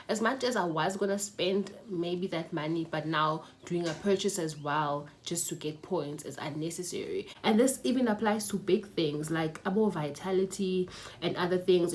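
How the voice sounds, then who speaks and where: A young South African woman, a personal finance vlogger, talks to camera about money habits from her mother's house. Her voice is on the low side with a darkish tone, and there's slight background noise. Chatty and often laughing, she slips Zulu words into the casual talk.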